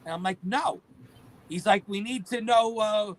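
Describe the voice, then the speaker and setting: A middle-aged man, a guest telling lively stories and acting out the dialogue. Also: sits high, a little slow, rough recording. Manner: animated storyteller acting out quoted dialogue. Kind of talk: storytelling interview.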